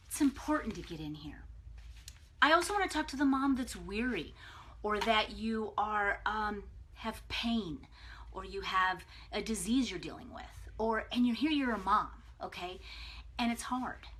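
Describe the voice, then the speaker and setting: Bright, energetic woman giving a pep talk. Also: mid-range voice. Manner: energetic and emphatic, chatty, with frequent "okay?". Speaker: planner vlogger hosting a live video. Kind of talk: casual live-stream pep talk.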